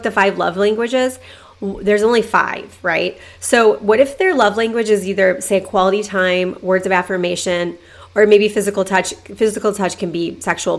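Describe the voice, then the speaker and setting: A woman hosting a podcast, talking casually and acting out her own thoughts in hushed asides. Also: medium pitch. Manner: chatty, lots of "like", acts out inner voices in whispers. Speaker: podcast host. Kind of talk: casual motivational monologue.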